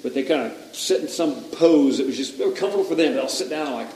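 A man's voice: mid-range voice, quick pace, warm tone, slight background noise. A male pastor preaching a sermon, telling stories and quoting others with rising intensity. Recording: echoey hall, voice from a distance, faint ambience.

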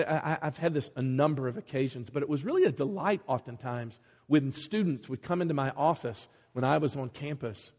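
A man delivers a sermon in a large church sanctuary, his husky voice ringing with a long reverb. He sits high for a man and swings his pitch widely, bringing the story to life with animated storytelling. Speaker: preacher.

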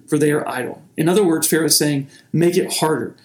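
A man's voice: a little high, quick pace, reverberant. A man preaching a sermon in a conversational teaching manner, often restarting his phrases. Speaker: pastor.

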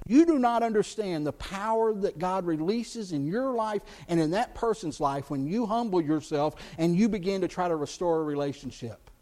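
High-voiced male pastor preaching. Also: moderate pace, hardly any pauses. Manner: animated, talks to the congregation with questions. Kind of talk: sermon.

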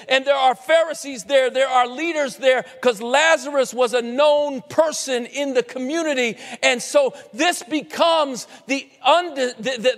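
Man, very high voice, slow deliberate delivery, impassioned sermon, long hall echo. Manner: impassioned preaching, rising to shouts, voicing scoffing critics. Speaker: preacher.

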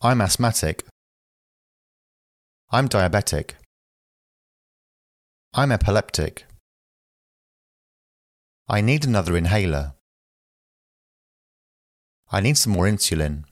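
A man reading short phrases aloud for language learners, slow and careful, one at a time. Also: lowish voice, expressive, no room sound, studio quality. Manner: slow, careful, evenly paced phrase delivery. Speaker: phrasebook reader.

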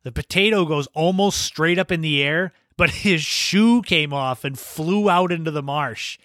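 Podcast host, male, raised pitch, laid-back anecdotal delivery with laughs, dead-dry sound. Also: measured pace, fairly bright tone, no room sound. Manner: laughs while telling anecdotes. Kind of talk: casual storytelling monologue.

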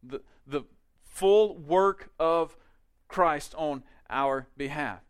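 A male pastor preaching a sermon in a conversational way, with quick asides and emphatic peaks. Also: on the high side, clear, resonant tone.

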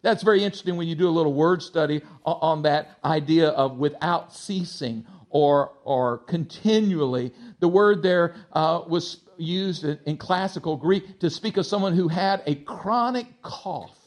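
A male pastor with a slight Texas twang preaching a sermon, swinging between loud exhortation and soft asides to the congregation. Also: a little high, moderate pace, few pauses.

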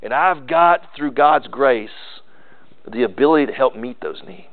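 A man's voice: mid-range voice, expressive, moderate pace, gravelly. A male pastor preaching an earnest sermon, often restarting and repeating words. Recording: tinny phone-like sermon recording.

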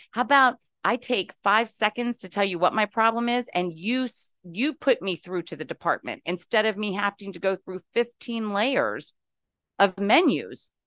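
A woman's voice: mid-range voice, fairly bright tone, no room sound, clean studio sound. A middle-aged woman from West Virginia calling into a talk show, venting animatedly and with exasperation. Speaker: caller. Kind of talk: casual talk-show call-in.

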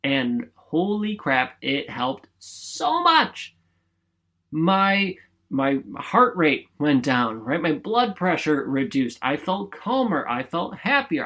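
A man's voice: a little high, fairly bright tone. A man hosting a podcast alone, giving an upbeat motivational talk in a chatty, emphatic way and often asking "right?". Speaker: podcast host. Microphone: studio microphone.

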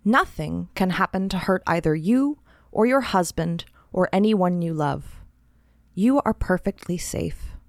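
A woman's voice: fairly low pitch, animated, unhurried, dry recording. A woman voicing an anxious, fretful housewife who scolds herself, in a dry, close read story. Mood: uneasy.

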